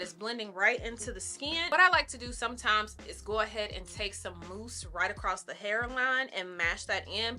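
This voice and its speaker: A woman's voice: mid-range voice, pushed and bright. A young adult woman vlogger chatting casually and upbeat while she styles a wig, calling her viewers y'all. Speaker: beauty vlogger. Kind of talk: casual get-ready-with-me chat.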